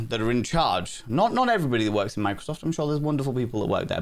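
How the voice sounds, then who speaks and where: A man livestreaming a game and chatting casually with his viewers, theatrical and profane, with playful jumps into a high voice. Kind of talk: casual live-stream chat with viewers.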